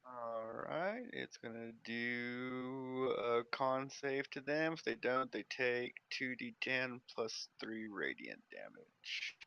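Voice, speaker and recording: A man's voice: mid-range voice, lively intonation, takes it slowly, creaky, few pauses, pushed and bright, clean tone. A man playing a cleric in a tabletop game, chatty and playful as he explains his moves. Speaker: player, cleric. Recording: muffled lo-fi mic.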